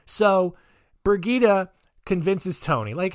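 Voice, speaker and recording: Animated, joking man telling a story. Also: on the high side, measured pace, no room sound, clean studio sound. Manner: sarcastic, laughing, mock voices for the people in his story. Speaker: podcast host. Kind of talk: casual storytelling podcast.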